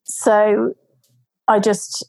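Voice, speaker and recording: Gravelly, rambling woman. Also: mid-range voice, flat delivery, drawn-out words, darkish tone, no echo, poor audio. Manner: rambling, many fillers and restarts. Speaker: guest telling her birth story. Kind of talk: casual storytelling.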